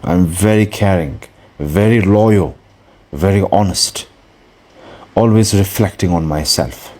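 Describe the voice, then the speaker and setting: A man with a very low, deep voice gives a Buddhist dharma talk. He speaks earnestly, pausing to hunt for the right word and circling back on his phrases. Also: a little mellow. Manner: earnest and searching for words, with pauses. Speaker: Buddhist teacher.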